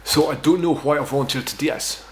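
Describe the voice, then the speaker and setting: Talking fast in a fairly high voice, a thirtysomething Scottish man shares a personal story as a laid-back vlog. He wanders off on tangents, curses freely, makes fun of himself, and often ends lines with "right?".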